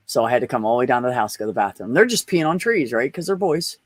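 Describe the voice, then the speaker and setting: A man's voice: medium pitch, sing-song, very fast, dry recording. Blunt, profane trans man telling stories. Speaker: podcast guest. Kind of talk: casual chat.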